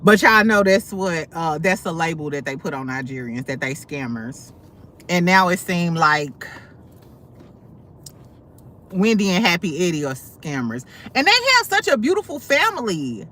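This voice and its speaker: On a casual livestream, a St. Louis woman hosts and tells sassy, blunt, profane gossip stories packed with asides. Her low voice runs a little slow and a bit bright, with frequent pauses.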